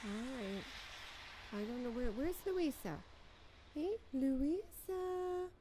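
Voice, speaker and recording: High sing-song woman using baby talk. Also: animated, takes it slowly, dark tone. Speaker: vlogger talking to her pet bird. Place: outdoors by a porch in falling snow. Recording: home video with audible outdoor noise.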